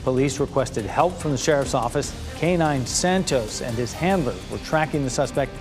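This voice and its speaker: A man anchoring a local midday newscast, reading stories in a brisk, upbeat way. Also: mid-range voice, music in the background. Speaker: news anchor.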